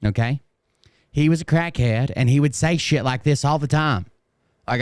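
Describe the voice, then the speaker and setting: A man streamer talks to his chat in blunt, sarcastic asides, with profanity thrown in freely. His voice is smooth and clear, a little strained. The sound is dry and close. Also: medium pitch, normal speed, long pauses, dry recording. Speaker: streamer reacting to clips. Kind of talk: casual profane commentary.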